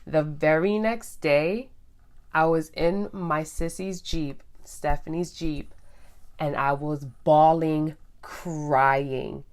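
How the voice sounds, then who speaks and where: A young woman with a low voice tells her story to the camera, chatty and animated. She talks straight to her viewers as if to friends. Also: slow pace. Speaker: vlogger. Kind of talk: casual storytelling.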